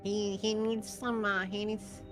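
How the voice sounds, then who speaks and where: A woman's voice: mid-range voice, flat delivery, unhurried, music in the background. A woman co-streaming a game, casually chatting and mock-scolding the chat with playful swearing. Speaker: co-op streaming guest.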